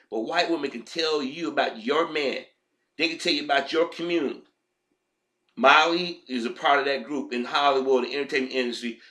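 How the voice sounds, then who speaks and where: A man's voice: mid-range voice, sharp tone. A man ranting in heated, profane commentary as a vlogger.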